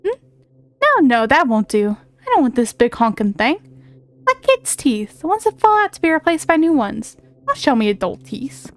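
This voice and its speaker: A woman voicing a bossy, impatient male fairy with brisk, folksy slang in a video game. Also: high voice, very animated. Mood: brusque.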